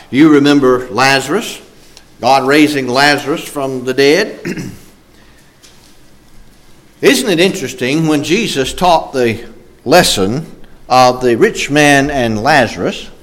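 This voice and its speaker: A man's voice: on the high side, fairly bright tone. A man preaching a sermon in an emphatic cadence, with frequent filler sounds.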